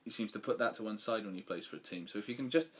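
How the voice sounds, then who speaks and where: A man's voice: on the low side, racing, husky. A man co-hosting a casual sports chat podcast, talking in a rambling way with many restarts. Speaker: podcast co-host.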